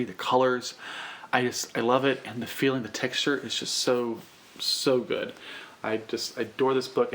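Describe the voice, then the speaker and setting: Man, book vlogger, gushing, effusive, mid-range voice, faint background hiss. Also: mid-range voice. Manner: gushing, effusive, repeats himself when excited. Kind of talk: enthusiastic book tag vlog.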